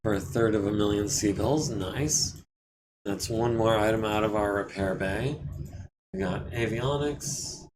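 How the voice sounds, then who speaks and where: A man casually talking through repairs while streaming a strategy game, his throat a bit scratchy and often cleared. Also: on the low side, unhurried. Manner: relaxed, thinking aloud while managing repairs. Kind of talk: casual let's-play commentary.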